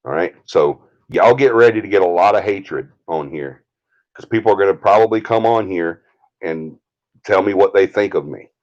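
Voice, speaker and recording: A man's voice: low-pitched, normal speed, a little mellow, lo-fi sound. A man with a Southern US accent hosting a live stream, ranting in a heated, indignant way. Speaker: paranormal team leader, stream host.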